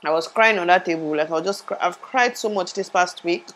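Young woman vlogger, lower pitch, rambling casual chat, sore from tooth surgery, lapel mic. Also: brisk, fairly bright tone, rough recording. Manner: rambling, chatty, laughs at herself. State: in pain after tooth surgery, speech a bit muffled.

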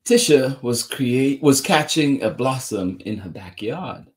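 A man's voice: mid-range voice, expressive, measured pace. A man reading a children's picture book aloud, chuckling often and adding exclamations between pages. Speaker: children's story reader.

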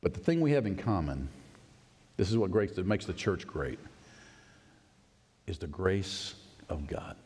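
A male pastor preaching a sermon in a folksy, animated way, swinging from excited high bursts to low, quiet emphasis and laughing often. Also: a little slow, pauses often, husky. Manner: folksy, laughs often, acts out his own past words. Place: church sanctuary. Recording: long reverb of a church sanctuary.

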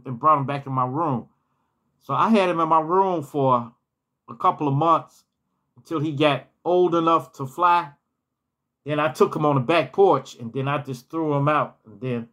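A man's voice: a little high, a bit bright. A man telling personal stories in a casual storytime vlog, rambling and often repeating words and restarting his phrases.

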